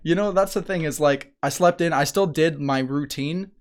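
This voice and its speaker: Joking Canadian man, slightly high voice. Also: normal speed. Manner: joking, laughs often, repeats words. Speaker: podcast co-host. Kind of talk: casual chat. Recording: live stream.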